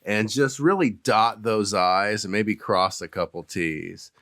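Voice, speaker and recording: A man's voice: on the low side, takes it slowly, a bit bright, no echo, clean studio sound. A man co-hosting a podcast, chiming in with sarcastic, teasing remarks. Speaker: podcast co-host. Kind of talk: casual podcast chat.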